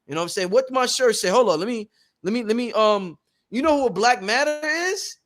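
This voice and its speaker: A man with a strikingly high voice holds forth as host of a spiritual workshop. He talks emphatically and preachily, peppering his speech with casual profanity. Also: expressive, brisk, fairly bright tone. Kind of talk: motivational workshop talk.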